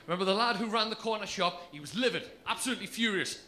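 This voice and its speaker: A man's voice: high voice, quick pace, pushed and bright. A man, telling a crude story in brash stand-up style on a comedy club stage. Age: 30s.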